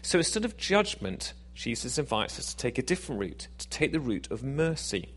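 A man's voice: mid-range voice, sing-song, normal speed, hardly any pauses. A man preaching a sermon in a conversational, self-deprecating, jokey way.

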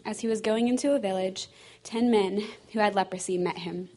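A woman's voice: medium pitch, fairly quick, dark tone. A woman reading a Bible passage aloud, a little out of breath. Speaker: scripture reader.

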